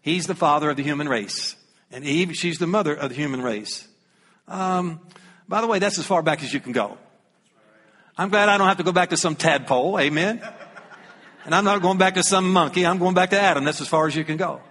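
Folksy Southern preacher in a hall. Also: male voice, fairly high pitch, fairly quick, fairly bright tone. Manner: folksy, humorous, reads scripture aloud. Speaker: pastor. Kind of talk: sermon.

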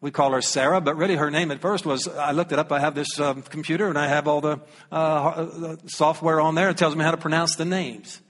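A man's voice: on the high side, little pitch movement, brisk, few pauses, fairly bright tone, big-room sound. A man with a Southern US accent preaching a sermon as pastor, folksy and humorous, reading scripture aloud.

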